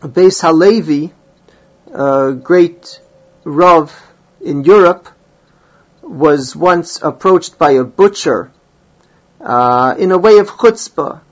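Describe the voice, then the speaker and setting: A man's voice: on the high side, lively intonation, slow, long pauses, lo-fi sound. A man teaching a Talmud class, reading Hebrew and Aramaic phrases and explaining them in English.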